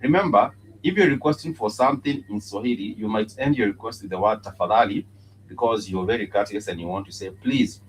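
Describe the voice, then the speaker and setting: A man with a very low, deep voice teaches a live-streamed Swahili lesson. He talks in halting bits full of "uh", repeating each word slowly so learners can follow. A faint hiss of noise sits under the recording. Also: low-quality recording.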